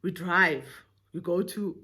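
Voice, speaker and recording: A young South African woman with a South African accent tells a story in a lively way, mixing English with Zulu phrases. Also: on the low side. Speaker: vlogger. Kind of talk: storytime vlog.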